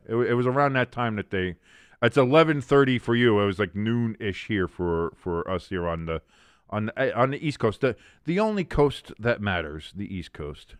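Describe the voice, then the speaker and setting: A man of ordinary pitch hosts a live sports watch-along, rambling through stories and reading out the plays. He talks in a loose, chatty way full of restarts. The sound is dry and close, with no room around it. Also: lively intonation, normal speed, clear, resonant tone, dry recording. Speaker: watch-along streamer host. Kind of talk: casual live-stream chat and play-by-play.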